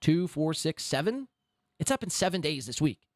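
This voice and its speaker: A man's voice: on the high side, sing-song, normal speed, dry recording, studio quality. A man hosting a podcast, delivering a sarcastic, mocking rant about a clip he is reacting to. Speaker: podcast host. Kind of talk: commentary on a played clip.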